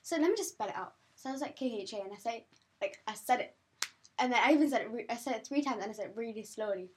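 A woman's voice: fairly high pitch, fast, slight background noise. A young woman, chatting casually as a co-host and telling stories, acting out the people in them. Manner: animated storyteller, acts out quoted people. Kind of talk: casual chat.

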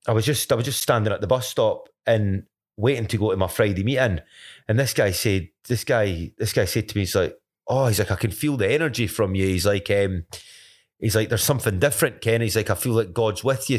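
A man's voice: on the low side, a little fast. Rambling Scottish man sharing faith stories. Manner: rambling, many restarts and self-corrections. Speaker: podcast co-host. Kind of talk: casual faith testimony chat.

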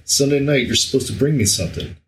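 A man's voice: medium pitch, fast talker, fairly bright tone, lightly acted. A man voicing a sulky, shady male drug courier in his own plain reading voice. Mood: insistent.

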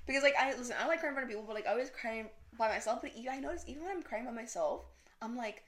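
A woman's voice: on the high side, very fast, a bit bright. A young woman co-hosting a podcast in casual chat, chatty and gushing, laughing often. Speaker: podcast co-host.

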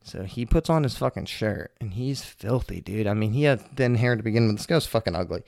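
A man hosting a podcast, telling a casual story with constant swearing and animated retellings. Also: fairly low pitch, fairly quick, creaky, no room sound, clean studio sound. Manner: profane, animated, heavy swearing. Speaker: podcast host.

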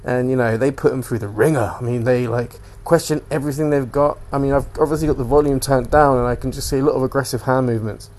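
A man's voice: mid-range voice, fairly even intonation, fast talker, few pauses, darkish tone. Rambling young man, casual solo chat. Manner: rambling, swears freely, jumps between topics. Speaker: podcast host.

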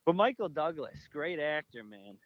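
A man co-hosting a podcast, telling stories in an animated, excitable way and laughing often. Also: a little high, normal speed, no room sound, lo-fi sound. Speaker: podcast co-host. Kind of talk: casual chat.

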